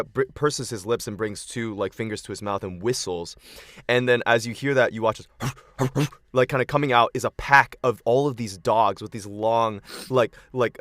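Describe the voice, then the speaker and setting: A young man narrates a tabletop game as its game master. He fills his lines with loose, casual fillers. His voice is low-pitched and recorded close and dry. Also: fairly bright tone, dry recording.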